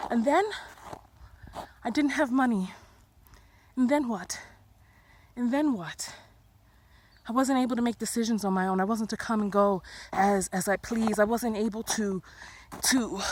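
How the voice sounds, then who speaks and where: An earnest woman speaks her motivational vlog outdoors in the snow. Her voice sits a little high and she repeats her phrases. She swings between loud and hushed, with faint noise behind her. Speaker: vlogger giving life advice.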